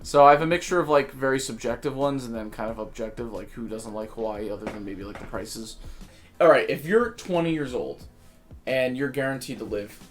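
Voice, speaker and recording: A young man from New Jersey hosting a casual chat, joking about himself in animated banter. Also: mid-range voice, brisk, soft background music. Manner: animated, self-deprecating banter. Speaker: podcast host.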